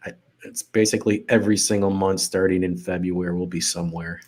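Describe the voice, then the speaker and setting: A man's voice: low-pitched, steady tone, brisk, a little mellow. A man hosting a casual show, chatting and asking his guest easygoing questions. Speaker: host. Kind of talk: casual chat.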